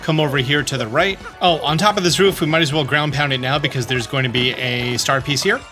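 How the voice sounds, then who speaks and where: A man's voice: medium pitch, brisk, bright, forceful tone, soft background music. A man giving chatty, upbeat walkthrough commentary at home, often reading game text aloud. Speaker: gaming YouTuber.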